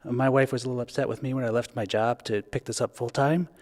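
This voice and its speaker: A man guest on a talent show, answering questions in a hesitant, halting way. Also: mid-range voice, steady tone, darkish tone, in a large hall. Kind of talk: comic interview answers.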